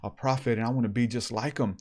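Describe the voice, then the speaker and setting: A man voicing a starstruck young boy, talking softly and in awe. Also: medium pitch, steady tone, fast, close to an everyday voice. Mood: awed.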